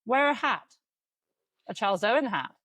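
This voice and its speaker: A woman's voice: a little high, big pitch swings, moderate pace, fairly bright tone, dry recording. A woman in her forties co-hosting a podcast, telling stories in casual chat and swearing freely. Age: 40s. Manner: chatty storyteller, swears freely. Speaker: podcast co-host.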